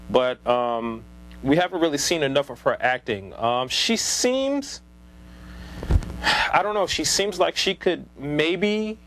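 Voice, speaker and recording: A man's voice: mid-range voice, a bit bright, poor audio. A man talking casually about a casting choice, rambling with lots of ums, uhs and restarts. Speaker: movie commentator. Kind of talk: casual unscripted opinion vlog.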